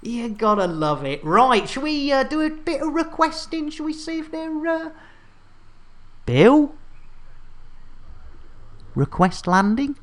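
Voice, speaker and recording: Her voice sits high and swings widely in pitch, delivered slowly with long pauses. A British host of a casual gaming livestream, she jokes and chats with her viewers, laughing often and repeating catchphrases.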